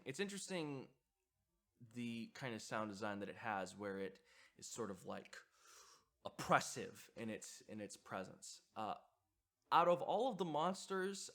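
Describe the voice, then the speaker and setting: A man's voice: mid-range voice, fairly bright tone. A man hosting a video essay, giving reflective commentary in a hesitant way with frequent fillers and restarts. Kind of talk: reflective commentary on horror sound design.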